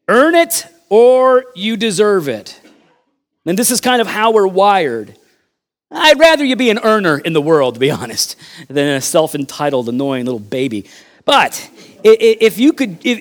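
A male pastor preaching a sermon, animated and conversational, swinging between loud emphatic lines and quiet asides, joking with the congregation. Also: high-pitched, unhurried, long pauses.

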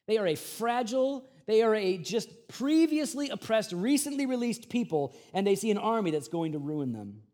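A male pastor delivers a sermon with a fairly high voice. He preaches in an animated, conversational style and drops in casual slang.

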